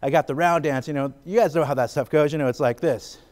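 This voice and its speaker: He's a Gila River, Arizona man doing stand-up and then an interview as a guest, and his voice is a little high, fast, and a little mellow. The talk is chatty, loaded with fillers, with laughs breaking up the jokes.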